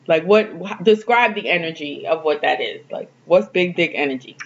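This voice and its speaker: A woman's voice: sits low, moderate pace. A woman co-hosting a podcast in casual chat, tossing in profane quips and laughing. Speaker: podcast co-host. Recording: dull lo-fi sound.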